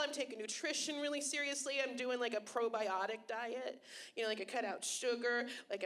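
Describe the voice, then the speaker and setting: A young woman doing a stand-up comedy set on a club stage, deadpan and self-mocking with sudden loud bursts, on a handheld mic. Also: on the high side.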